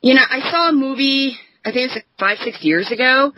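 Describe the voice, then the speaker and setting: A woman's voice: sits high, a little fast, highs cut off, a little hiss or hum. A woman who is a novelist, chatting as a podcast guest, candid and self-deprecating, laughing a lot. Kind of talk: casual podcast chat.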